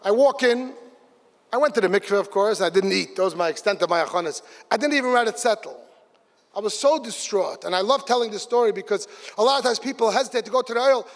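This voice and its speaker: A middle-aged man giving a lively storytelling speech to a gathering in a large hall, breaking into excited exclamations. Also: high-pitched, fast. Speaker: speaker at a community gathering. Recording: long reverb of a big hall.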